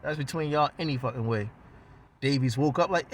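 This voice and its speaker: A man's voice: medium pitch, fairly quick, a little hiss or hum. A man from West Baltimore with a Baltimore accent, telling a story in a casual, profane, slangy way and acting out other people's lines.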